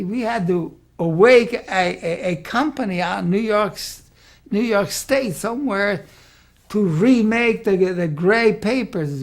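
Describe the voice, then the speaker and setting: Older man, gravelly and a bit husky, rambling oral-history storyteller who leans on "see". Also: high-pitched. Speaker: former art school president. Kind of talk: archival oral history interview.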